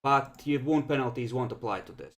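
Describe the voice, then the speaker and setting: A man acting as game master in a tabletop game, with an ordinary mid-pitched voice. He calmly explains the rules and narrates the results of each roll in an even, patient way. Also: a little fast, a little hiss or hum.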